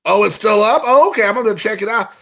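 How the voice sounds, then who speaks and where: Casting: rambling, excitable male streamer, gravelly edge, bright tone, chatting to viewers. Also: high-pitched, fast. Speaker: card collecting channel host. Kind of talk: casual live stream chat.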